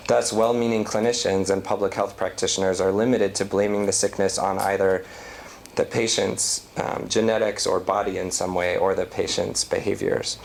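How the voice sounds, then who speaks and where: Man, academic lecture, deep voice, gravelly, faint background hum. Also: little pitch movement. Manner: reads prepared text, measured.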